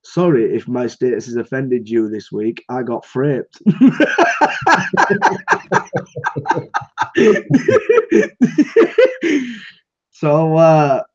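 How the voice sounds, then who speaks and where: A man's voice: a little high, big pitch swings, very slow, pauses often. A man co-hosting a podcast, laid-back and giggly with casual swearing. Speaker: podcast co-host. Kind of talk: casual banter. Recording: dull lo-fi sound.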